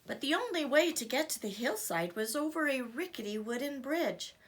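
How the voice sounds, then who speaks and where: Woman teacher, children's story read-aloud, expressive, lively pitch, bright voice. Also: moderate pace, hardly any pauses, husky. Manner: animated, expressive.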